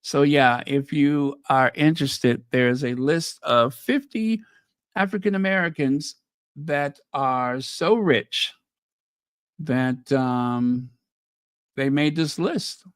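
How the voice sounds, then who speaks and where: A man who talks slowly and deliberately, reading out headlines and then weighing in with casual, opinionated remarks. His voice sits at an ordinary middle pitch. The recording is dry and close, with no room sound. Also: clean tone, no echo. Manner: reads headlines aloud then reacts with opinionated asides. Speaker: commentary channel host. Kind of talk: casual commentary on news headlines.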